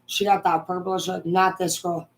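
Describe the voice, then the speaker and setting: A young woman from Washington state rants straight to her viewers, swearing at every turn. Her voice sits a little low and lurches between sharp, loud outbursts and quiet, bitter muttering. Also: level tone, moderate pace, low-quality recording. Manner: angry, swears constantly, swings between shouting and muttering. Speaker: vlogger. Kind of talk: profane ranting monologue.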